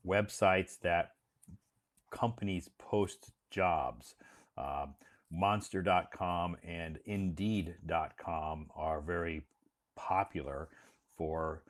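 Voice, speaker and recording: A man from the United States hosting a casual live stream, speaking slowly and patiently and repeating words for learners. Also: deep voice. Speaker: live stream host and English teacher. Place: home in Beijing.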